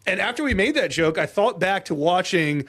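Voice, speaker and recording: A man with a somewhat high voice co-hosts a casual sports podcast. He tells the story with animated, jokey flair and laughs often as he talks. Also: normal speed. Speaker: podcast co-host. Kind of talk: casual golf history chat.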